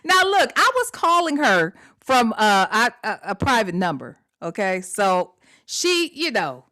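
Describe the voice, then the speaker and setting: A woman hosts a casual livestream, chatting with her audience, swearing freely and using lots of slang and "y'all." Her voice is a little high, sing-song, pushed and bright, at a measured pace.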